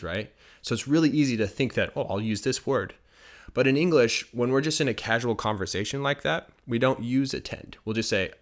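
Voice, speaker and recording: A young American man teaching English phrases, explaining patiently and slowing down to show pronunciation. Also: mid-range voice. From United States. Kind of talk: bilingual teaching video.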